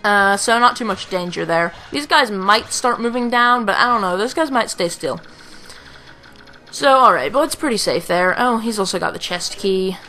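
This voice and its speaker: A woman's voice: mid-range voice, moderate pace, bright, forceful tone, soft background music. A young woman casually commenting on a strategy game she plays, rambling, with filler sounds. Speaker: let's play host.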